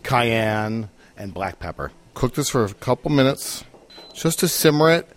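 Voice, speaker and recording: A man's voice: mid-range voice, expressive, a little slow. A man, a chef and cookbook author, giving an enthusiastic cooking demonstration on the radio and often repeating words as he starts a sentence.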